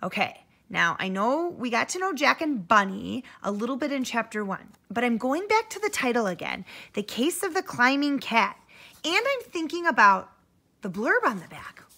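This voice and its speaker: A woman teacher reading a children's book aloud in an animated way, stopping to ask her listeners questions. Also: fairly high pitch.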